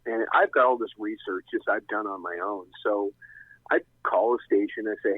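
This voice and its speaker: A man's voice: lowish voice, fairly even intonation, fairly quick, husky, no echo. A middle-aged man telling a long story as a guest, rambling and restarting often. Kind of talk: casual storytelling. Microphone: phone. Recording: tinny, dry phone line.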